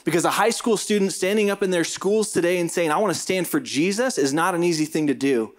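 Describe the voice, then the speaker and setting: A man's voice: high-pitched, fairly quick. A middle-aged male pastor preaching a sermon in an earnest, emphatic way, repeating phrases for stress.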